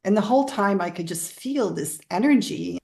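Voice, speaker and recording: A woman's voice: mid-range voice, animated, moderate pace, creaky, darkish tone. A woman being interviewed as a guest, telling a long story in a rambling, conversational way and laughing often as she goes.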